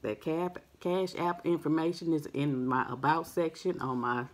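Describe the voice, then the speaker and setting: A soft-spoken woman hosting a mukbang, chatting casually with her viewers and recording without a microphone. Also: fairly even intonation, measured pace. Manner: soft-spoken, naturally low-volume voice; friendly, chatty, addresses viewers as family. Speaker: mukbang host. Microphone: no microphone, device's built-in mic.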